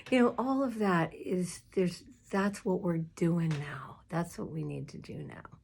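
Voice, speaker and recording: A woman minister talks to fellow clergy in a loose, heartfelt way. Her voice sits fairly low and she takes her time with each phrase. Fillers and soft laughs run through her speech. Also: slow pace, vocal fry, a little hiss or hum. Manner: warm, chatty, emotional, with many fillers and laughs. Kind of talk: casual advice talk to clergy. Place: home room with a squeaky chair.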